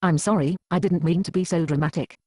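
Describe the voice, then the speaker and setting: A woman's voice: lowish voice, fairly even intonation, fairly quick, a little mellow, slightly rough, no room sound, studio quality. A woman acting as an upset single woman who answers defensively and evasively in an amateur Bible drama.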